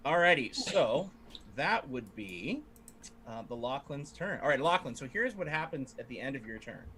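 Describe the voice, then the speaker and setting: A man running a tabletop game as game master, narrating the action in an animated way and laughing often. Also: medium pitch, normal speed, slight background noise.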